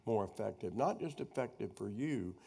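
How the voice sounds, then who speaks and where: A man's voice: lowish voice, animated, moderate pace, creaky, warm tone. A middle-aged man teaching a sermon with personal stories, a rambling storyteller who loses his thread and doubles back. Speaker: preacher teaching a prophecy workshop.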